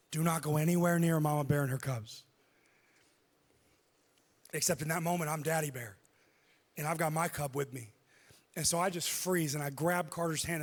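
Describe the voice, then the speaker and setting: A man preaching a sermon, telling a personal story with lively delivery and acting out what people said. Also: on the high side, creaky. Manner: animated, acts out quoted speech. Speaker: pastor. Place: church auditorium. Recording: long hall reverb.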